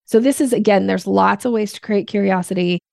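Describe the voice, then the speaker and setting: Gravelly-voiced woman coaching on sales. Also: medium pitch, brisk, no room sound, studio quality. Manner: energetic teacher, acts out voices in examples. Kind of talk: podcast interview, explaining and teaching.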